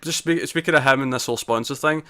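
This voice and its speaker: A man's voice: mid-range voice, quick pace, bright, forceful tone. A man co-hosting a casual TV review podcast, rambling with restarts as he retells scenes. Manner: rambling, with frequent restarts and quoted lines. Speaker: podcast co-host.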